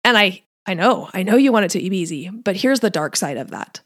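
Lively and brisk, this woman's mid-range, slightly bright voice carries a casual solo podcast about diet and nutrition coaching. She laughs lightly while speaking and frequently quotes her listeners' imagined thoughts, all in clean studio sound without room reverb.

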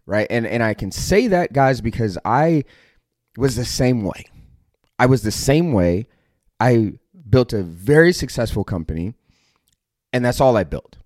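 A man's voice: on the low side, darkish tone, no echo, studio quality. A middle-aged American man hosting a podcast, delivering a blunt, aggressive motivational monologue full of profanity. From United States. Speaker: podcast host.

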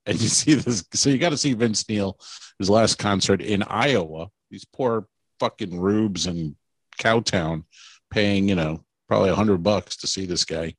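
A man's voice: lowish voice, a little slow, husky, no room sound. A man co-hosting a podcast in casual chat, rambling through stories and laughing as he tells them. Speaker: podcast co-host.

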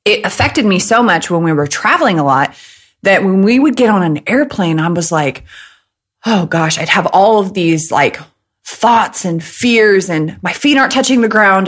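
A Midwestern woman, likely in her thirties, hosts a casual solo podcast, telling stories in a chatty, jokey way and talking fast. Her voice is mid-range and expressive.

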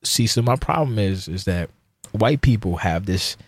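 A man's voice: lowish voice, animated, moderate pace, husky, dry recording. A man hosting his own podcast, ranting alone in a heated, profane, rambling way. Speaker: podcast host. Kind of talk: casual solo rant.

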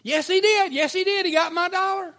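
A man voicing a whiny tattletale little schoolgirl in a shrill, pleading voice. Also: brisk, bright, forceful tone, exaggerated voice. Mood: tattling.

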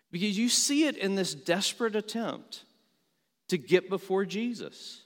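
A man's voice: sits high, animated, normal speed, fairly bright tone. A man preaching a sermon as a pastor, earnest, building emphasis and asking rhetorical questions. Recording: long reverb of a large hall.

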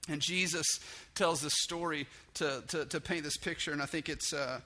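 A man's voice: on the high side, moderate pace. A man preaching a casual sermon, talking conversationally and acting out the story's dialogue. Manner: casual and conversational, with many restarts and "like"; acts out dialogue with raised, excited voice. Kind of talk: informal sermon.

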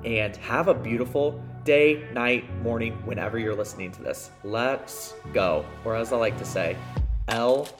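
A man's voice: mid-range voice, moderate pace, hardly any pauses, music in the background. A man hosting a solo motivational podcast for salespeople, talking earnestly and upbeat, repeating phrases for emphasis and swearing now and then. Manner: swears casually. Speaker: podcast host.

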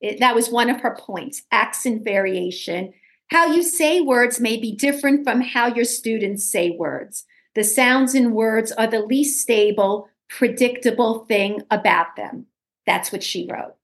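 Slow, high-voiced New York woman host. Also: echoey room. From Brooklyn. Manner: hesitant, fills with ums while searching notes. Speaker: podcast host. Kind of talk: casual interview chat.

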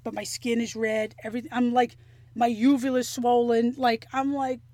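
A woman telling a story in casual chat, animated and profane, acting out the things people said. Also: fairly high pitch, moderate pace, dry recording. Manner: animated, profane, acts out quotes.

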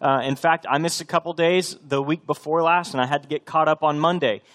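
An earnest man preaches to his congregation. His voice sits a little high, and he repeats key lines to drive them home. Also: fairly even intonation, fairly quick, a bit bright. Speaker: pastor. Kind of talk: sermon.

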